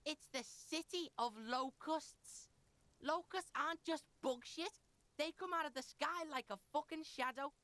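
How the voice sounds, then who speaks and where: A woman's voice: high-pitched, unhurried, sharp tone, no echo. A woman voicing a defiant, foul-mouthed street boy who talks about himself in the third person in a video game. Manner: brash, swearing, speaks of self in third person.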